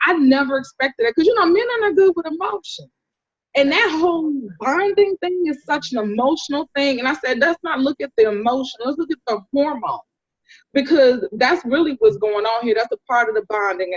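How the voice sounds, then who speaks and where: A woman doula telling stories in a casual interview, animated and acting out the people she describes. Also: high-pitched. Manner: animated storyteller, acts out voices, laughs often. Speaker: doula, podcast guest. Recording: dull lo-fi sound.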